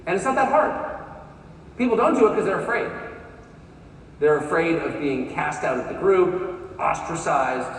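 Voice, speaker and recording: A mocking, sarcastic American speaker in his fifties addresses a live audience in a large conference hall. His fairly high voice is animated, at normal speed with frequent pauses, and the distant, echoey recording has a faint crowd and slight background noise.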